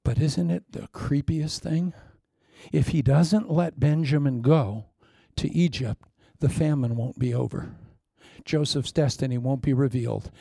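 A man preaching a sermon, telling a story with lively energy and acting out the voices. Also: medium pitch, vocal fry, husky, no echo, studio quality. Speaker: pastor.

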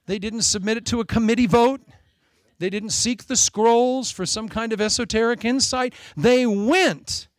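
A man in his forties preaching a sermon, animated and joking, with self-mocking asides. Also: very high voice, moderate pace, no echo. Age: 40s. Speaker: pastor.

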